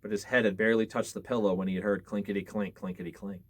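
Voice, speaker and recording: A man reading a spooky storybook aloud, with expressive pacing and the odd stumble that he corrects. His tone drops low and hushed at the tense moments. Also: fast, husky. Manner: expressive reading with small slips. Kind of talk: reading scary stories aloud.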